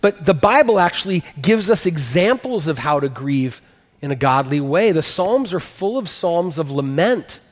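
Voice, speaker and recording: A man's voice: a little high, expressive, moderate pace, long reverb tail. A man preaching a sermon as a pastor, earnest and emphatic, rising to stress his points.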